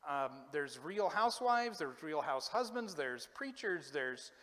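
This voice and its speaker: A pastor giving a casual, humorous sermon in a church, chatty and self-deprecating with joking asides. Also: male voice, fairly high pitch, very animated, measured pace, a bit bright. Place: church sanctuary. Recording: echoey church hall.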